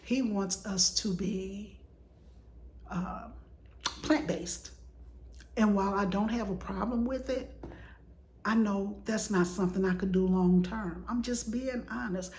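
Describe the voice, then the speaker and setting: A woman's voice: medium pitch, measured pace, slight background noise. A woman telling a personal story to her viewers in a casual chat, acting out what people said. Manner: animated retelling with acted-out quotes. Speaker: vlogger. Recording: echoey room.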